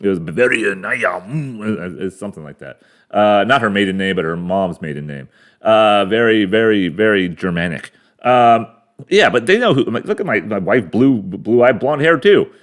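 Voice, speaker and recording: A man in his forties from the United States talks alone to a camera at home, his voice sitting a little low. He rambles and swears his way through a loose monologue. He often trips over fillers and repeats words before he gets back on track. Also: expressive, moderate pace. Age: 40s. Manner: crude, rambling, full of fillers and restarts. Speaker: podcast host. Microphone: camera mic.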